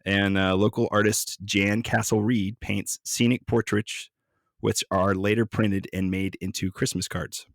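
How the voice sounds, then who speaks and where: A man's voice: on the low side, measured pace, no echo, clean studio sound. A man co-hosting a podcast in casual, joking talk, swearing freely. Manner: joking, profane, relaxed. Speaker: podcast co-host.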